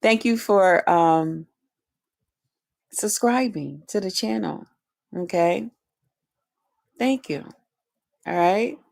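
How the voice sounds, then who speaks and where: Slow-talking woman host, profane and confrontational, ranting to her viewers. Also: mid-range voice, creaky, darkish tone. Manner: profane, confrontational, drawn-out talk. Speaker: channel host. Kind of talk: casual vlog rant to subscribers.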